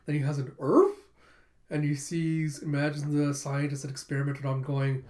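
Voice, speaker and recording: A streamer recapping comic chapters live, animated and laughing, with spoken sound effects. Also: medium pitch, brisk.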